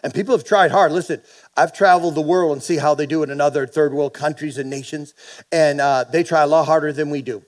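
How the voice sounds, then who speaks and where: A middle-aged man preaching a sermon as pastor, asking the congregation for amens and rising into animated bursts. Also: a little high, quick pace.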